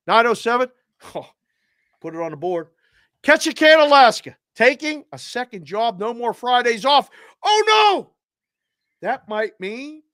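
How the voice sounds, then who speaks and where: A man hosting a live show runs through viewer shout-outs in an upbeat, lively way, calling out names and area codes. His voice sits high, bright and forceful. The recording is dry and close, with no room echo.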